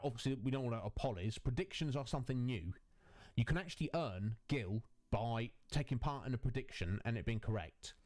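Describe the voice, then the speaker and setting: A man hosting a casual live stream on a headset mic, answering his viewers' chat in a chatty, rambling way. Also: medium pitch. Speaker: Twitch streamer and host.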